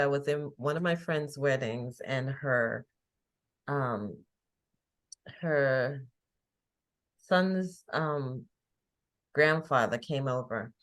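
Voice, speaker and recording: A woman in her fifties from England, chatting as an interview guest and telling stories with easy laughs. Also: deep voice. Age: 50s. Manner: chatty storyteller, laughs easily. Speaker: guest, faith coach. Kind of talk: casual interview chat.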